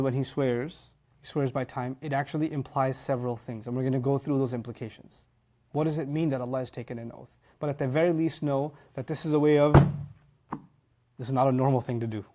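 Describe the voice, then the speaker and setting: A middle-aged man teaching a religious lecture in an animated, emphatic way, quoting Arabic phrases and explaining them. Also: medium pitch. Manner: animated, emphatic, acts out students' voices. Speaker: Quran teacher.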